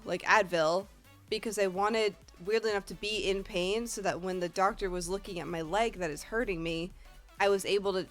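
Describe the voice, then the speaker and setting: A woman with a Northeast American accent, a streamer telling a rambling, profane story in casual chat. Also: mid-range voice. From Northeast United States.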